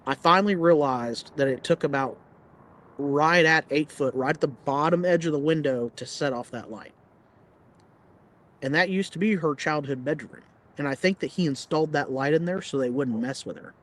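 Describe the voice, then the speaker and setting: Podcast guest, blunt rambling storyteller, a touch high-pitched for a guy. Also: moderate pace, a bit bright. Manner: blunt, plain-spoken; rambling, filler-heavy retelling. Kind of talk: casual storytelling.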